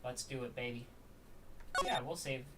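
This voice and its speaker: A man's voice: mid-range voice, steady tone, moderate pace, distant mic, very noisy. A man chatting casually while streaming a story game, rambling with plenty of ums and the odd curse. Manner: rambling, lots of ums and swearing. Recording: loud game music, voice off-mic.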